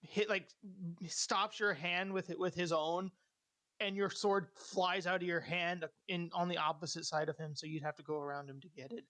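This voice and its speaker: A man's voice: high voice, steady tone, normal speed, sharp tone. A man running a tabletop game as dungeon master, laughing often and restarting his sentences.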